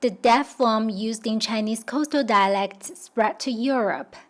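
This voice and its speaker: A woman narrating a scripted documentary voice-over in a steady, explanatory way. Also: fairly high pitch, unhurried.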